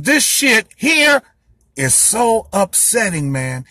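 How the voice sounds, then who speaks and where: Fiery, high-voiced ranting man. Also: animated, measured pace, pushed and bright, husky, no room sound. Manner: fiery, profane, preachy ranting. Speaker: host lecturing his audience. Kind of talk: heated solo monologue.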